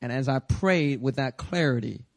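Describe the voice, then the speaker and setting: A male pastor preaching a sermon, telling a personal story in an animated way and acting out his own prayers. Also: medium pitch, moderate pace, gravelly, no room sound.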